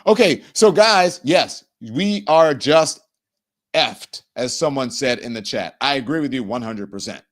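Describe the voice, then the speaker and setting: A middle-aged man hosts a live-stream talk show. His voice sits at an ordinary pitch, and he talks in a loose, animated way, full of sarcasm, often slipping into mocking impressions of others. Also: a little slow. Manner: animated, sarcastic, mimics people he talks about. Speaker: host.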